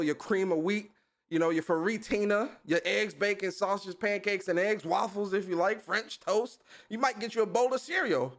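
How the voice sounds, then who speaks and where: A man co-hosting a casual gaming podcast, talking in an animated, hyped way and repeating phrases like "you understand?". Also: high-pitched. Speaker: podcast co-host. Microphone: home mic over Discord call.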